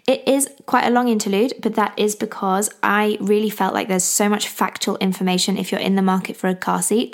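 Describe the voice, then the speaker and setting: Gravelly-voiced woman chatting softly. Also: medium pitch. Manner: hushed at times so a baby can sleep, rambling with many fillers. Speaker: parenting podcast host. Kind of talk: casual chat to listeners.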